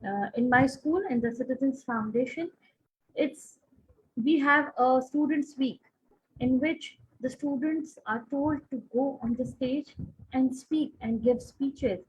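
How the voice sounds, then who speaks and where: A woman from Pakistan speaks earnestly on a panel, in long winding sentences that often restart. Her voice sits a little high and sounds husky. The online call audio comes through muffled and lo-fi. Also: slow. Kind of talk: conference panel discussion.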